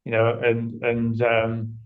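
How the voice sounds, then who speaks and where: A man chatting as an interview guest, animated as he tells his stories. His voice sits at an ordinary middle pitch, and the recording sounds slightly dull and muffled. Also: takes it slowly, smooth. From northern England. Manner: animated, acts out quoted dialogue. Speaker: interview guest, agency owner. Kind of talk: conversational storytelling.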